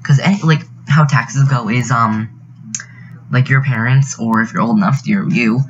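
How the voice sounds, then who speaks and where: A man's voice: medium pitch, moderate pace, lo-fi sound, slight background noise. A teenage boy, telling an indignant, rambling story over a game video, full of fillers. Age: teens. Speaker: youtuber narrating a speed build. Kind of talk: casual storytelling voiceover.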